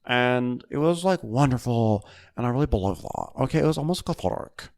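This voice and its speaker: A man co-hosting a comedy podcast, telling gossip stories in an animated way. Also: medium pitch, a little fast. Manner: animated storytelling. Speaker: podcast co-host.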